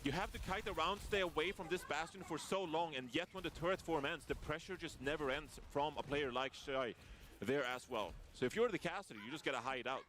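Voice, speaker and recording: Man, esports caster, analytical commentary, measured, explanatory. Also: a little high, a bit bright. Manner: explanatory, measured, breaks down strategy.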